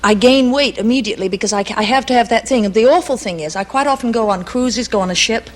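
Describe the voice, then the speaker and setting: A woman's voice: fairly high pitch, fast talker. A woman on a game show panel chatting casually, self-deprecating and giggly. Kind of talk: casual chat.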